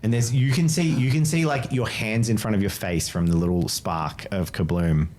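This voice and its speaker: A man's voice: on the low side, moderate pace, a little mellow, a little hiss or hum. A man running a tabletop game as game master, describing scenes with frequent restarts. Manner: hesitant, restarts mid-sentence while describing scenes.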